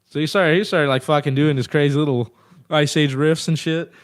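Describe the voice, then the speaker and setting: A man's voice: on the high side, steady tone, a little fast, dry recording, clean studio sound. A man in his thirties telling band stories in a casual, profane, rambling way as an interview guest. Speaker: guest musician.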